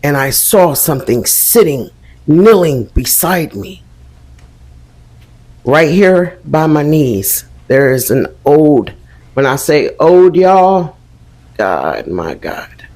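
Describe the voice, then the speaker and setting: A man unhurriedly recounts an eerie night he lived through, leaning hard on emphasis and dropping swears. His voice sits a little higher than most men's, and he keeps turning to his listeners with y'all. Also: very animated, slow pace, a little mellow. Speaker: storyteller in a social media clip. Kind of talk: recounting a creepy personal story.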